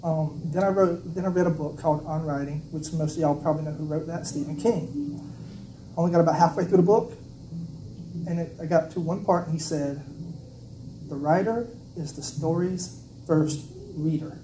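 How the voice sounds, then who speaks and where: A man's voice: fairly high pitch, moderate pace, warm tone. A man from South Carolina, an author giving a casual, joking talk about his writing. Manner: casual, conversational, joking asides. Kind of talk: personal storytelling speech. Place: event venue, indoors. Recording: roomy, distant mic, noisy.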